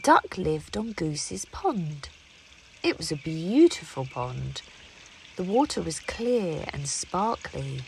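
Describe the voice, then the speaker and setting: A woman reading a children's picture book aloud in an expressive storytelling voice. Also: low voice, slow, gravelly, slight background noise. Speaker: storybook reader.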